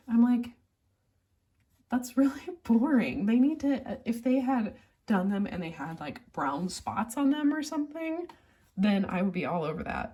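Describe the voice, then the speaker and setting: Gravelly-voiced woman chatting, a little sick. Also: mid-range voice, dark tone. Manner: chatty, rambling with many fillers. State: sick, pausing to cough. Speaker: toy collector vlogger. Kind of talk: casual chat.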